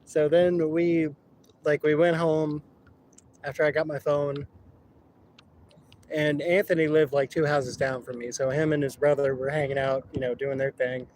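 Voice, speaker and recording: A man's voice: a little high, level tone, measured pace, darkish tone, poor audio. A man casually telling rambling, laughing stories outdoors on a river, swearing freely. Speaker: vlogger. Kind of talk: casual storytelling while kayaking.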